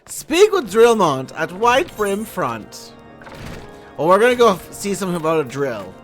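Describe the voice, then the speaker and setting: A woman's voice: lowish voice, very animated, a little slow, soft background music. Bubbly, playful young woman streamer. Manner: playful, bubbly, giggly, swearing. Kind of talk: casual live-stream chat while gaming.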